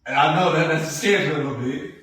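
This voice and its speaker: A man co-hosting a podcast, chatting casually and telling stories, jumping between loud bursts and low asides. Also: quick pace. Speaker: podcast co-host. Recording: echoey room, mic at a distance.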